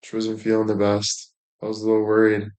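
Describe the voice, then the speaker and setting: A man's voice: fairly low pitch, completely flat delivery, a little fast, a little mellow. A man chatting casually as a streamer, rambling along with heavy swearing and plenty of filler words. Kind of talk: casual chat.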